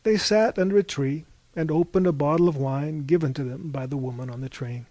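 A male narrator reading a novel aloud at an even, wry pace, his voice set slightly high for a man. The recording is close and dry, with no trace of room sound. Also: a little fast, no echo.

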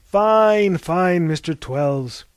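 Guy putting on a fawning printer, high and loud, gushing. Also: lively intonation, very slow, no room sound, clean studio sound, full character voice. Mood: eager. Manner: eager, fawning. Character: excitable middle-aged male Greek printer.

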